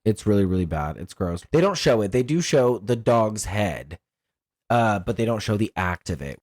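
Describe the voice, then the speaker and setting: A man co-hosting a podcast, chatting loosely with plenty of swearing and laughter. His pitch jumps all over the place, and the sound is dry and close, with no room echo. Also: normal speed. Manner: animated and profane, laughs often. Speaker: podcast co-host. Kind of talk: casual chat.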